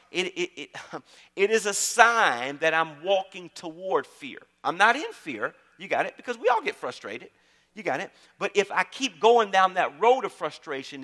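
A man's voice: sits high, bright, forceful tone. A male pastor preaching a sermon in a church, emphatic, often checking in with the congregation and repeating key phrases. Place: church sanctuary. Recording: long reverb of a large hall.

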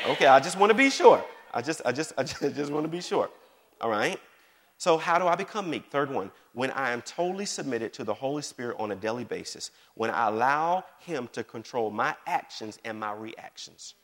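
A man's voice: mid-range voice, a little fast. Man preaching with a big hall echo. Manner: animated preaching with call-and-response questions and repeated phrases. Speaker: pastor. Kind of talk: sermon. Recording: long hall reverb.

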